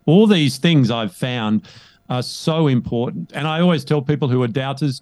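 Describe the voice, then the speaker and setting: A man speaking as a coach in a conversational interview, emphatic and animated, often checking in with "right?". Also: mid-range voice, normal speed, no echo. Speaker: guest, leadership coach.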